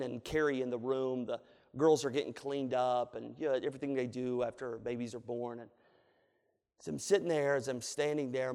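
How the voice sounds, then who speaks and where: A man in his thirties preaching a sermon in a church, with an emphatic, repetitive cadence and relaxed asides. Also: mid-range voice. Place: church sanctuary. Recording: long reverb of a church hall.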